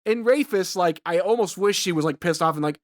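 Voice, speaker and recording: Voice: mid-range voice, a little fast, no echo, studio quality. Profane rambling podcast co-host. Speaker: podcast co-host recapping a film. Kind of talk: casual chat.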